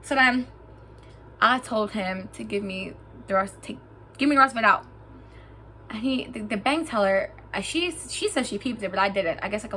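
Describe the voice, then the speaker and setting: A young woman telling a story about getting scammed to her viewers in a vlog, animated and emphatic, getting heated as she goes. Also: medium pitch, slight background noise. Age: young adult. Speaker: vlogger.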